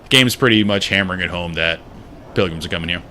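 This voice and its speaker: A man streaming a game, chatting casually and thinking out loud while exploring. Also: sits low, quick pace, slight background noise. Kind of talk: casual gameplay commentary.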